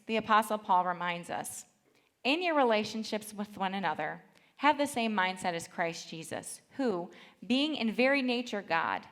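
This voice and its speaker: A woman in her thirties delivers a sermon at church, reading scripture with earnest feeling and sharing lively stories about her family. Her voice sits at a medium pitch.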